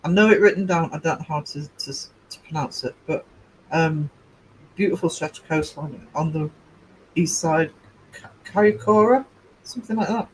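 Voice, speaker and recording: A man's voice: a little high, moderate pace, a little hiss or hum, low-quality recording. A middle-aged man hosting a casual livestream, rambling chattily through stories and replies to his chat. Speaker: livestream host.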